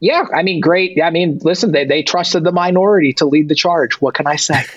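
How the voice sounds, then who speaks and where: Crowd noise sits behind a fairly high, brisk male voice whose highs are cut off. He's a tour manager of Persian heritage guesting in a casual storytelling interview, animated and swearing freely, using lots of "like" and acting out both sides of the dialogue.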